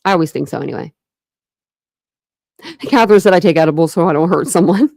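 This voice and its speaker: A rambling, chatty young woman hosts a home true crime livestream, her voice sitting on the low side. She talks to viewers with plenty of fillers and false starts, and the sound is dry and close. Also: lively intonation, a little fast, creaky, a little mellow, no echo. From Ohio. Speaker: true crime channel host. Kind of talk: casual livestream chat with viewers.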